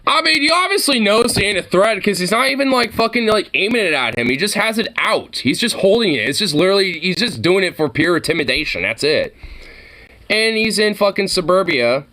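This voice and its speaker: A man's voice: high-pitched, sing-song, brisk, pushed and bright. A man giving a casual, profane reaction commentary, mocking and often laughing.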